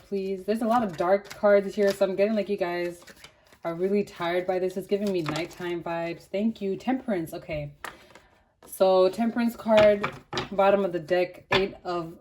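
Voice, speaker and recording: A young woman reads tarot cards in a loose, slangy, chatty way, leaning on fillers as she goes. Her voice is mellow and warm and sits a little low. She talks to viewers like friends. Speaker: tarot reader. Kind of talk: casual tarot reading.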